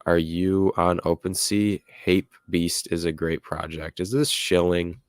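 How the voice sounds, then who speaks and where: A man's voice: low voice, fairly even intonation, a little slow, clear, resonant tone, dry recording. A young man hosting a casual livestream, reading chat comments aloud and rambling with lots of fillers. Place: home room with music playing nearby.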